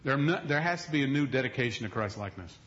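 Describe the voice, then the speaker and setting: A middle-aged man preaching a sermon, telling a story with acted quotes, moving from loud to hushed. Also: medium pitch, animated, fast, muffled recording, noisy background. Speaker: pastor.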